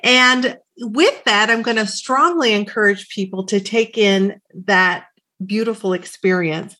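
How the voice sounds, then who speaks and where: A woman's voice: medium pitch, unhurried, pushed and bright. A woman hosting an interview podcast, upbeat and encouraging toward her guest. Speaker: podcast host.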